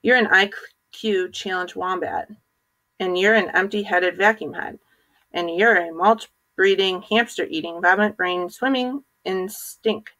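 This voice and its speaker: A woman's voice: medium pitch, unhurried, fairly bright tone, lightly acted, rough recording. A woman voicing a huffy stubborn schoolboy. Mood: indignant. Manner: huffy, indignant. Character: clever, stubborn schoolboy friend, huffy and fed up.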